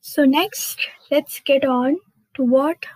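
A woman's voice: high voice, fairly even intonation, takes it slowly, a little mellow, dry recording, low-quality recording. A woman hosting her own podcast in a chatty, bubbly way, with frequent fillers and little laughs at herself. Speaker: podcast host. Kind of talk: casual solo podcast chat.

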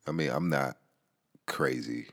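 A man's voice: extremely low pitch, a little slow. A man hosting a casual podcast monologue. He talks in a loose, rambling way, with many fillers, restarts and profanity, and gets heated at times. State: relaxed from smoking. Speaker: podcast host. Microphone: home podcast mic.

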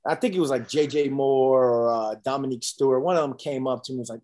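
Talking fast in a medium-pitched voice, a thirtysomething ex-college football player shares stories in an informal interview. He's animated, performing the quotes himself and leaning heavily on fillers.

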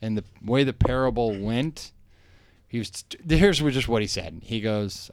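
A young man with a smooth, resonant voice tells a rambling comic story on a podcast. He acts out the people in it as he goes. The sound is dry and close, with no room around it. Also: mid-range voice, normal speed, no room sound. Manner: rambling, laughing, acts out quoted lines. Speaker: podcast co-host. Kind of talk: casual comedic storytelling.

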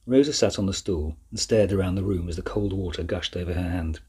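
Guy reading a kids' book, deep voice, super clean and smooth. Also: fast, few pauses, mellow. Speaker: audiobook narrator. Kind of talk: scripted narration.

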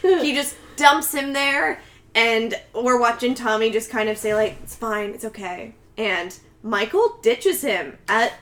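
Bright-voiced woman dramatically retelling a film. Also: on the high side, expressive, measured pace. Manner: chatty, dramatic storyteller. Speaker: podcast co-host. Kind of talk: casual movie recap.

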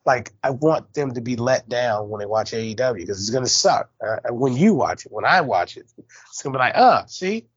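A middle-aged man hosting a podcast, talking bluntly and profanely with quick jabs. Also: mid-range voice, lively intonation, breathy edge, no echo, dull audio. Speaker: podcast host. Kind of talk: casual chat.

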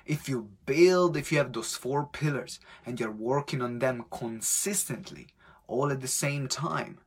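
Husky Italian-accented man, energetic coach. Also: mid-range voice, unhurried. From Italy. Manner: energetic, animated storytelling with acted-out quotes. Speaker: business coach hosting a live stream. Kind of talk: motivational live-stream talk.

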